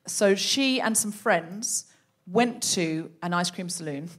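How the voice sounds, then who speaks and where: A woman's voice: lowish voice, takes it slowly. A woman hosting a live comedy podcast, telling a story in a chatty way and laughing often.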